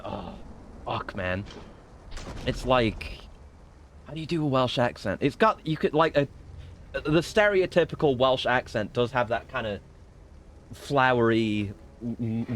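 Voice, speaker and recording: A man's voice: medium pitch, a little hiss or hum. A man streaming a video game, chatting casually in a profane, joking, rambling way. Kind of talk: casual gameplay commentary.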